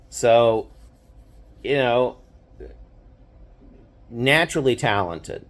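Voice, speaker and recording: An older man with a fairly low voice tells a story from his past in a relaxed, meandering way. He stops and restarts often and fills the gaps with small verbal fillers. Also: slow pace. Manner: rambling, many fillers and restarts. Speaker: host. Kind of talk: casual storytelling.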